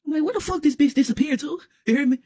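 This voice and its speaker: A young man telling a wild comedic story, dramatic and excitable, full of slang and constantly asking "you hear me?". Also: very high-pitched, very fast, no room sound, clean studio sound. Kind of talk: animated comedic story time.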